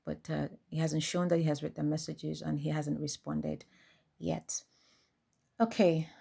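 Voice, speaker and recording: A woman's voice: low voice, level tone, measured pace, vocal fry, warm tone, slightly rough. A woman host and life coach, recounting a news story in casual commentary and translating a clip as it plays. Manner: recounting and translating a clip line by line, acting out quoted speech.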